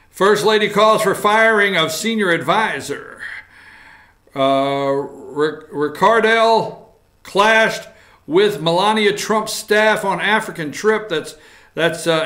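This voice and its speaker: A man hosting a morning talk show, reading headlines aloud and joking about them in a casual, animated way. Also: a little high. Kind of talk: casual political commentary.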